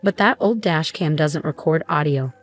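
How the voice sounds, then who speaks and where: A woman's voice: sits low, normal speed, soft background music, natural voice. A woman voicing a resentful, demanding husband who talks in an accusing, dismissive way.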